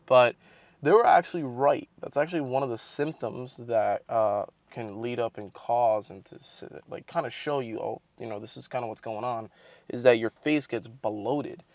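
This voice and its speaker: A young man telling a casual, rambling story for his fitness vlog. He swears often and gets animated as he talks. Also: medium pitch, dry recording. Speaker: fitness vlogger.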